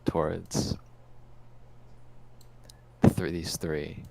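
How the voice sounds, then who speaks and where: A player in a tabletop game with a very low, gravelly voice. He describes his character's actions hesitantly, filling gaps with "like." The delivery is casual and unhurried. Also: little pitch movement, dark tone. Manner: halting, hesitant. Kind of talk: tabletop role-play.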